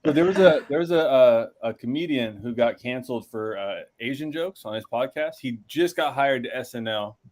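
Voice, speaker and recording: A man's voice: mid-range voice, animated, moderate pace, hardly any pauses, a little mellow, a little hiss or hum. A man co-hosting a casual podcast, telling stories in a rambling, hesitant way. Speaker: podcast co-host. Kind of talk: casual chat.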